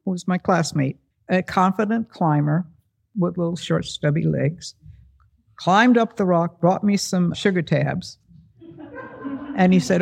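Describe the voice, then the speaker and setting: Gravelly man telling a personal story. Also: high voice, measured pace, long pauses. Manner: animated, acts out quoted voices. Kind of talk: first-person storytelling to a live audience.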